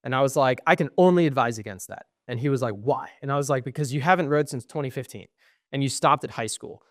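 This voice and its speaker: A young adult man co-hosting a podcast talks at a quick pace in a mid-range voice, with studio quality and no room sound. His casual story is long and animated, with acted-out conversations, lots of ums, and curses when frustration hits.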